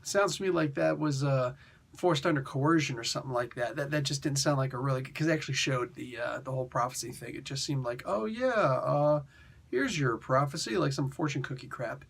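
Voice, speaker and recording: A man's voice: medium pitch, steady tone, fast talker, creaky, breathy edge. A man casually reviewing a comic book in a laid-back, slangy, rambling way.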